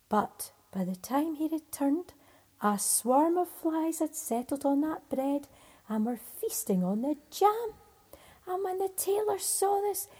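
Slow, breathy woman telling a fairy tale, lively pitch, whispery. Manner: soft, whispery, expressive. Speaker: storyteller.

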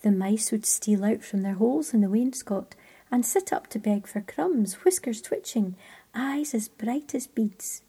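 Breathy whispering woman storyteller. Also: a little high, measured pace. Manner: soft, hushed reading.

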